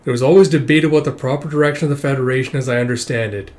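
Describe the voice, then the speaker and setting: A well-informed man laying out a rivalry, as a man reading a comic puts him on. He explains in steady, even sentences. The voice stays close to the reader's own. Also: mid-range voice, rapid-fire, close to an everyday voice. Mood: serious.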